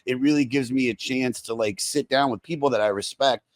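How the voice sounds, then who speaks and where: A male podcast host who rambles with enthusiasm, restarts his sentences and drops in "dude" and casual swearing. His voice sits at an ordinary middle pitch for a man. It is recorded close and dry. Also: brisk, dry recording.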